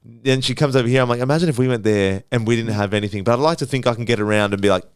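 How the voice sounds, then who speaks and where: A man co-hosting a podcast, telling stories in casual chat with a rapid-fire, machine-gun delivery. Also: medium pitch, smooth, no room sound, clean studio sound. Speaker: podcast co-host.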